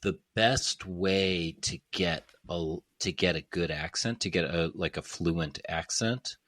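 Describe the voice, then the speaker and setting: A man talking in a casual podcast conversation, animated and playful, slipping into mimicked accents. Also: deep voice, slow pace, no echo, clean studio sound.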